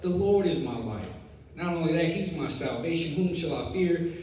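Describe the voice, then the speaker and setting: A young man preaching a sermon, telling a lively story before building to emphatic preaching. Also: fairly high pitch, normal speed. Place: church sanctuary. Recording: echoey hall, distant mic, faint noise.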